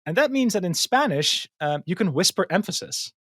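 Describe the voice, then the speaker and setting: Male podcast guest, higher voice, halting but thoughtful, close dry mic. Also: big pitch swings, fairly bright tone, no echo. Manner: hesitant, many fillers and restarts; thoughtful explaining tone. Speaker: guest, machine learning engineer. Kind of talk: casual podcast conversation.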